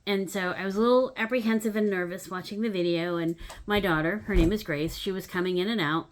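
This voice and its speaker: A woman in her fifties talks straight to her viewers in a relaxed vlog. She tells a story in a chatty, animated way, with plenty of "um"s. Her voice jumps up for the exciting parts and settles back down into soft asides. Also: mid-range voice, fast talker. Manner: animated storyteller, swings between loud acted-out moments and soft asides; chatty with frequent "um" fillers. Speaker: needlework channel host.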